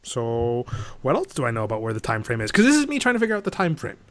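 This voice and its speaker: Animated ranting man, lively pitch. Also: fast talker. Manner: animated ranting, swears, mocks with sudden pitch jumps. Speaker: podcast co-host. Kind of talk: casual movie review chat.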